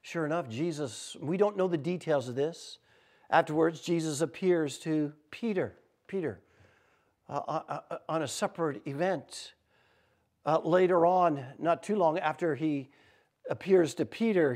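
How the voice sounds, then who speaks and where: A male pastor preaching in an informal, animated storytelling manner, with fillers and repeated words. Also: on the high side, a little slow. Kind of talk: sermon storytelling.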